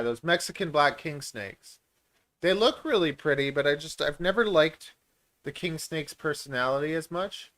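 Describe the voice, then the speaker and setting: A man's voice: a little high, a bit bright. Brief: a man from Canada hosting a casual reptile Q&A stream, rambling and self-mocking. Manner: rambling, self-deprecating, many filler words. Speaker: reptile breeder and channel host.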